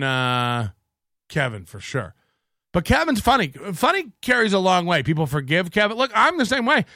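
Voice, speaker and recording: Man host ranting, profane, mocking, lively swooping voice, bright, dry close mic. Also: on the high side, no room sound. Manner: profane, mocking, rambling rant. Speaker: podcast host. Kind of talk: casual rant reading chats.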